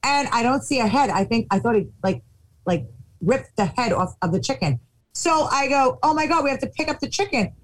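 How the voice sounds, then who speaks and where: Woman telling a wild backyard story, high voice swooping all over, acts out every quote. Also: expressive, brisk, low-quality recording. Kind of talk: casual anecdote.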